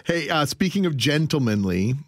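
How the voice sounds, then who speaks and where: A man's voice: on the high side, sing-song, normal speed, no room sound, clean studio sound. A middle-aged man, co-hosting a radio show in easygoing, chatty banter. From Winnipeg, Canada. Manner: easygoing, chatty, laughs often. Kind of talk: casual on-air chat. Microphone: studio microphone.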